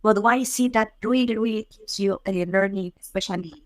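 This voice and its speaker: A woman's voice: medium pitch, fairly quick, no echo. A woman interviewing a guest, talking hesitantly and saying "I mean" a lot. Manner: hesitant, many "I mean" fillers. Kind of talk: casual interview conversation.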